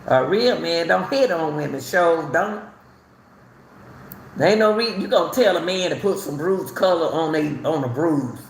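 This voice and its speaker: A middle-aged woman from Chicago tells her own story in a casual, animated way, laughing often and repeating herself. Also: fairly low pitch, normal speed, creaky, a little hiss or hum. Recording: roomy echo, faint ambience.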